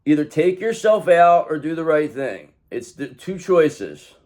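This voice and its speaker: A man's voice: a little high, sing-song, a little slow, a little mellow. Blunt, swearing man reading tarot. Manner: blunt, profane, rambling; emphatic, talks straight to the viewer. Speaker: tarot reader. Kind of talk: casual tarot card reading.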